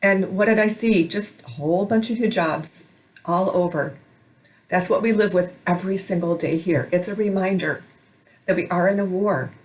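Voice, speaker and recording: A woman's voice: fairly low pitch, moderate pace. A woman from Minnesota delivering an emotional, urgent monologue to camera for her video blog. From Minnesota, United States. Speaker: video blogger.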